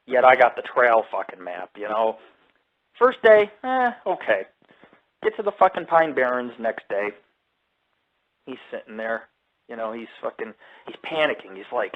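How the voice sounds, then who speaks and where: A man talking on a live radio show in a blunt, swear-heavy way, his voice sitting at an ordinary middle pitch. The sound is muffled and lo-fi, like a low-grade internet radio stream. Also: sing-song, moderate pace. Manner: blunt, heavily profane storytelling. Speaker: radio show host and paranormal group founder. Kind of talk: casual live radio monologue.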